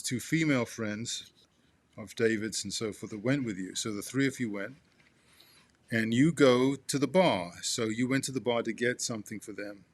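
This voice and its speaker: A man reading a memoir aloud to his father, halting with restarts and turning asides to the listener as "you". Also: medium pitch, no echo.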